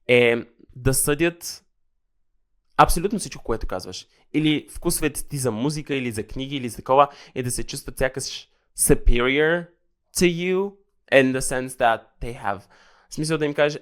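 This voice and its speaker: A man's voice: medium pitch, normal speed, a bit bright, clear, resonant tone. A young man, hosting a podcast in sassy, dramatic casual chat. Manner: sassy, dramatic, switching between English and Bulgarian. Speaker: podcast host.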